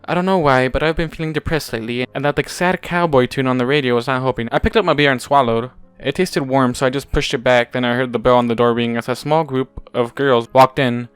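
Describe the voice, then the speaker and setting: A man's voice: mid-range voice, brisk, hardly any pauses, clear, resonant tone, no echo, faint music behind. A man casually reading a first-person story aloud, offhand and unpolished, leaving his slips and restarts in. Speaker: fanfiction reader.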